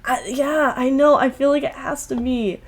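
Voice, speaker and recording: A woman's voice: sits high, steady tone, moderate pace. Chatty young woman streaming a game. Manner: casual, chatty. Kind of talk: casual game stream chat.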